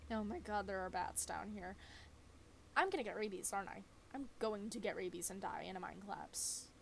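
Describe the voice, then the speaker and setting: A woman's voice: mid-range voice, animated, brisk, vocal fry, a bit bright, slight background noise. A woman voicing a jumpy, anxious young woman who talks in dramatic, panicky bursts.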